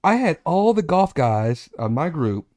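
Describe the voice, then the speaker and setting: A man in his forties hosting a casual chat show, telling a long personal story with self-corrections and animated asides. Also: on the high side, measured pace, no room sound, studio quality. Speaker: podcast host.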